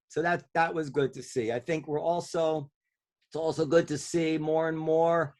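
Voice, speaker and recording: A man hosts a casual round-table talk in a slightly higher voice, rambling along with plenty of ums and restarted phrases. He speaks loosely and conversationally, circling back as he goes. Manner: rambling, many fillers and restarts. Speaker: podcast host.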